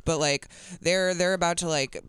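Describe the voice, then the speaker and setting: A man's voice: a little high, fairly even intonation, moderate pace, fairly bright tone, clear, resonant tone. A man in casual podcast chat, rambling through a plot with lots of filler words. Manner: rambling, heavy use of filler "like".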